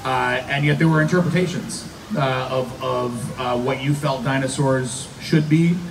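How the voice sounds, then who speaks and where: Male moderator, thoughtful questions, mid pitch, noisy distant pickup. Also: fairly even intonation, a little slow, creaky. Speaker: panel moderator. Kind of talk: live panel Q&A. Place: live fan event panel. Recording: distant mic with background noise.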